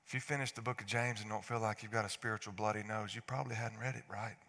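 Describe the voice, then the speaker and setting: A man in his forties preaching a sermon, swinging from hushed asides to loud outbursts. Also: lowish voice, steady tone, fast, vocal fry. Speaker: pastor. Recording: echoey hall.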